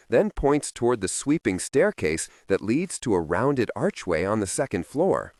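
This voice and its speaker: Low-voiced male audiobook narrator. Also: no echo, clean studio sound. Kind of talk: first-person audiobook narration.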